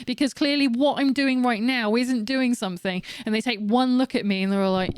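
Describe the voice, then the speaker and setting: A woman's voice: a little high, fairly even intonation, brisk, hardly any pauses, smooth, no room sound, studio quality. A woman in her late thirties streaming a game, talking frankly and swearing while she rants and jokes. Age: late 30s. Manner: frank and sweary, ranting with laughs. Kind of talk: casual game stream chat.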